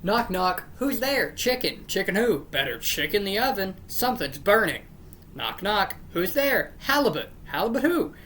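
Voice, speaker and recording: A woman's voice: medium pitch, sing-song, moderate pace, a bit bright, slight background noise. A woman hosting her channel, reading jokes aloud one after another and grumbling that they are not funny. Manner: unimpressed, breaks off to grumble about the jokes. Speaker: channel host.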